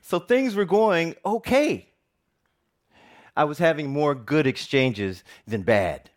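A man's voice: fairly high pitch, slow pace. A middle-aged man, a TV presenter, giving a personal storytelling talk with jokes and frequent laughter. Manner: animated, jokey storyteller who laughs often.

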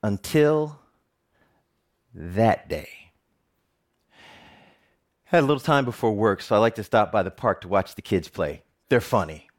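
Man, middle-aged, storytelling talk, lively swooping pitch, jokey delivery. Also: unhurried, pauses often. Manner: animated, jokey storytelling with big pitch swings. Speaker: television reporter giving a talk.

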